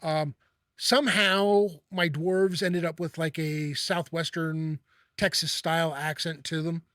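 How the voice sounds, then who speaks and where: Halting man with a fairly high, dry voice. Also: little pitch movement, fairly bright tone, no room sound. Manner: halting, many restarts and repeated words. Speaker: host. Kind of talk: casual chat.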